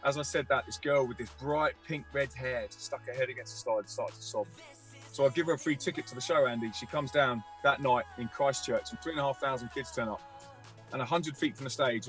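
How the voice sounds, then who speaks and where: A man telling a vivid personal story as a guest, energetic, acting out the voices of people he quotes. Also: medium pitch. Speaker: guest musician and youth speaker. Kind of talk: animated storytelling.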